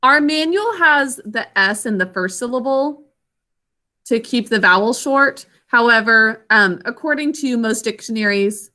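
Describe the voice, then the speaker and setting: A woman's voice: a little high, expressive, measured pace, sharp tone. A woman teaching a children's literacy lesson, patiently sounding out each word syllable by syllable. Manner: patient, sounds out words clearly.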